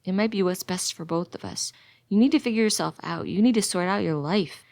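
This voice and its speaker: A fed-up man pulls away from a partner he distrusts, speaking firmly and bluntly, as a woman narrator puts him on. The voice sits low with a gravelly edge and a close, dry sound. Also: a little fast, a little mellow, dry recording. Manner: firm, disgusted. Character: troubled man ending a relationship.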